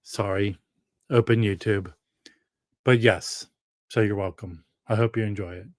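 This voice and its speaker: A man's voice: fairly low pitch, fairly even intonation, unhurried, no room sound. Chatty man hosting a solo live stream. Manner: rambling, chatty, reads viewer comments aloud. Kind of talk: casual live stream chat.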